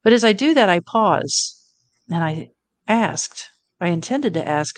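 Middle-aged woman telling her story in an interview, earnest, kinda low voice. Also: expressive, unhurried. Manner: earnest, reflective, quotes her own thoughts. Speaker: guest.

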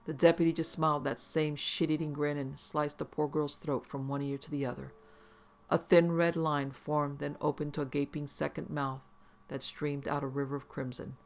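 A man's voice: fairly high pitch, level tone, normal speed, gravelly. A man narrating a first-person horror story in an intense, profane, vivid way.

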